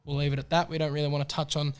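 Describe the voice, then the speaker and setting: A man co-hosting a casual horse racing podcast, chatty and excitable, handing out shout-outs. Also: on the high side, racing, clean tone. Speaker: podcast co-host. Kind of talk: casual racing tips chat.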